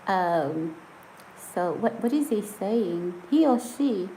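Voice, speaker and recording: A woman's voice: mid-range voice, animated, slow pace, dark tone, a little hiss or hum, rough recording. A woman chatting casually on a live stream, reading viewer comments aloud and often breaking into giggles. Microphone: phone or camera set on a surface.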